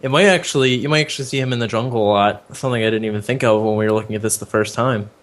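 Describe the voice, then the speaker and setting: A man's voice: medium pitch, rapid-fire. Man chatting casually about a game. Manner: thinks aloud, searching for names with fillers. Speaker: podcast co-host. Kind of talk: casual gaming chat.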